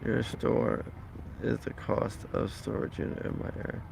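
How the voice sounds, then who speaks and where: A man's voice: mid-range voice, level tone, moderate pace, gravelly, darkish tone, slight background noise, rough recording. A man chatting casually on a live stream, rambling and reading out viewer comments as he signs off. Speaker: vlogger wrapping up a live stream.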